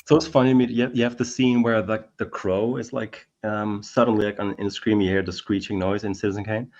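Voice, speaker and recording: A man with a lowish voice rambles through trivia in a casual chat, stacking fillers and restarts. The sound is dull and lo-fi. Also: flat delivery, fairly quick, a little mellow. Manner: rambling anecdotes with many fillers. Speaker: podcast co-host.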